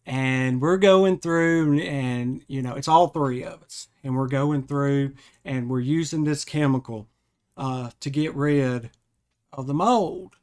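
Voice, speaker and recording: A man hosting a podcast, telling a funny personal story in a rambling, animated way and often correcting himself. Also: mid-range voice, takes it slowly, clean tone. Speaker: podcast host. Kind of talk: casual storytelling.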